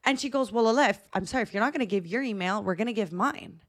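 A young woman on a podcast, chatting casually and telling stories with lots of animation. She acts out the voices of the people in them, and her voice sits at a middle pitch. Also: quick pace. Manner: animated storytelling, acting out quoted voices. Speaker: podcast co-host. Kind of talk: casual chat.

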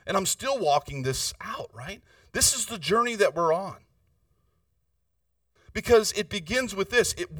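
Male pastor, earnest conversational sermon, keeps tossing in "right?"; sharp bright tone, recorded dry from a distance. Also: high-pitched, no echo.

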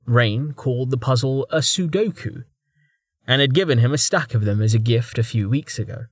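A man reads a fantasy novel in a steady, measured audiobook style. His voice sits at an everyday middle pitch, and the close mic gives a dry, echo-free sound. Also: slightly rough. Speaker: audiobook narrator. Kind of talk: audiobook narration.

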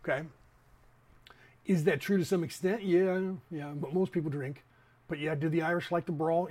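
Man, 50s, raised in the Bay Area; podcast host, loose rambling monologue, slightly raised pitch. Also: steady tone, moderate pace, pauses often, a little mellow. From San Francisco Bay Area. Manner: rambling, talks straight to listeners with asides. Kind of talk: casual opinion monologue.

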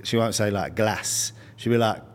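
Blunt, low-voiced man. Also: fairly quick. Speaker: podcast co-host. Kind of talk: casual chat.

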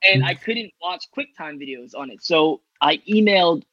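A man telling a story as a podcast guest, casual and animated, swearing freely and acting out what people said. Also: a little high, normal speed, dull audio, crowd noise. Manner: animated, swears freely, acts out quoted talk. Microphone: remote headset.

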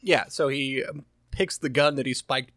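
A man's voice: medium pitch, steady tone, normal speed, fairly bright tone, no echo, clean studio sound. A man co-hosting a casual gaming podcast, wry and casually swearing. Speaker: podcast co-host.

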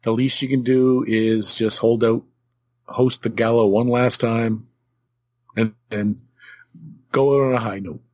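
A man co-hosting a podcast, chatting about a tabletop wargame with wry, deadpan humor. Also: mid-range voice, slow pace, long pauses, no echo. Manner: wry, joking, deadpan teasing. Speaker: podcast co-host.

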